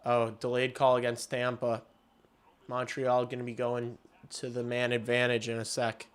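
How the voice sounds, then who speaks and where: Excitable man calling hockey live. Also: medium pitch, moderate pace, clear, resonant tone. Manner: excitable, shouts on big plays, swears casually. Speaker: streamer giving play-by-play. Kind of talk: live watch-along hockey commentary.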